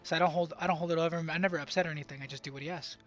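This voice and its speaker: A young man tells a story from his job site in a loose, rambling way, full of fillers and false starts. His voice sits a little high for a man. Faint music plays underneath. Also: steady tone, racing, muffled recording. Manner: rambling, lots of fillers and restarts; bilingual, speaks Spanish at work. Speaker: vlogger. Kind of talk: casual storytelling.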